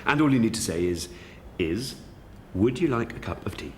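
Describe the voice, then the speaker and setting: Guy playing a glib bossy senior doc, lively voice, roomy sound with some hiss. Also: on the low side, moderate pace. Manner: brusque, glib, rousing. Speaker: senior doctor. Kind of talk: sitcom acting.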